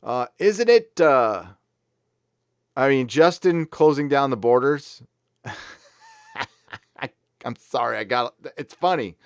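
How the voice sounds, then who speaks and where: A man's voice: medium pitch, slow, pauses often, no room sound, clean studio sound. A man hosting a live stream, chatting casually and reading viewer comments, rambling with lots of fillers and restarts and laughing easily.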